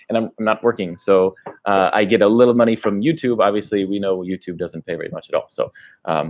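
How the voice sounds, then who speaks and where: A man's voice: lowish voice, highs cut off. An American man, a travel vlogger, chatting casually on a livestream as he reads viewer comments, rambling and laughing between thoughts. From United States.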